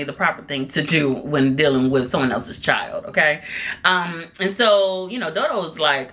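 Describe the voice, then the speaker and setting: Chatty woman recapping a show, bright voice. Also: fairly low pitch. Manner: chatty, animated retelling with quoted voices. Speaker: TV episode reviewer. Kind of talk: casual recap vlog.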